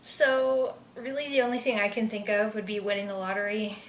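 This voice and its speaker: A woman's voice: medium pitch, level tone, a little fast, a little hiss or hum. Chatty young woman in an echoey room. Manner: chatty, self-deprecating, drops into soft asides. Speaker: vlogger. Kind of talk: casual vlog answering survey questions.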